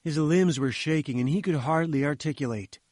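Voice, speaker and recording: A man reading a novel aloud as an audiobook, in a measured storytelling way. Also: fairly high pitch, a little mellow, dry recording, studio quality. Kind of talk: audiobook narration.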